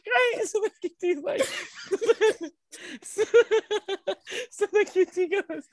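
A man's voice: extremely high pitch, sing-song, a little slow. A man co-hosting a podcast in casual chat, rambling through a crude, profane story and often cracking up laughing. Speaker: podcast co-host.

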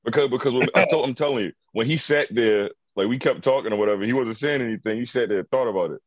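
A man's voice: medium pitch, fast, no room sound. A man co-hosting a podcast, telling a story in casual chat and laughing as he imitates his friends. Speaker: podcast co-host.

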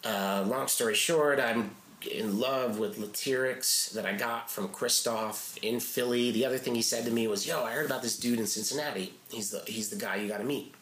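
A man's voice: mid-range voice, normal speed, slight background noise. A man, a guest musician, telling stories in casual chat and acting out the quoted voices of people in them. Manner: animated storyteller, acts out quoted dialogue in shifting voices. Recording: roomy echo.

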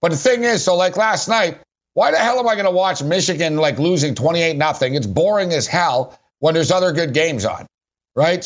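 A middle-aged man hosts a sports radio show, rambling bluntly about football and betting and repeatedly saying "big man." His voice is a little high, and the audio sounds dull.

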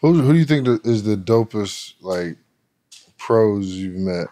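A man's voice: on the low side, expressive, a little slow, dark tone, no echo, studio quality. A man co-hosting a podcast, chatting in a laid-back way and telling a funny golf story. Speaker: podcast co-host. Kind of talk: casual chat.

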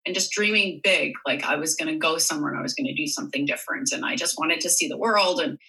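A woman's voice: low-pitched, fast talker, sharp tone, low-quality recording. A woman from Canada, a guest in a casual chat, talking freely with fillers and easy laughs. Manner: chatty, laughs easily, lots of fillers.

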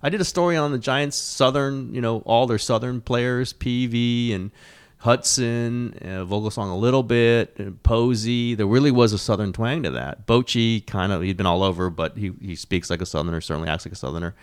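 A middle-aged man hosting a casual sports talk show, rambling and animated, with frequent restarts and the odd swear. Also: medium pitch, moderate pace, clean tone. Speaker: sports columnist and podcast host.

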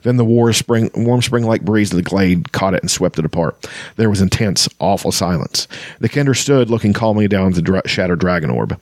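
A podcast host reads passages from a fantasy novel and chats about them, halting with many ums and restarts. His low voice is animated and a little mellow, captured in a dry, studio-quality recording.

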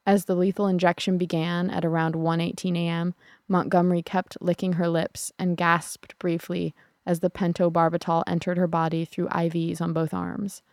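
Somber woman with a low, gravelly voice. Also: level tone, a little mellow, dry recording. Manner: somber, measured. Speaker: narrator. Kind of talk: true crime podcast narration.

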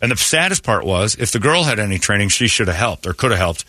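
A man hosting a morning rock radio show, telling stories in a blunt, animated way. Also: on the low side, fast talker, no room sound. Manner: blunt, storytelling, animated retelling. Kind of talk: casual talk radio banter. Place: radio studio. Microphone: studio mic. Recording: dry close studio sound.

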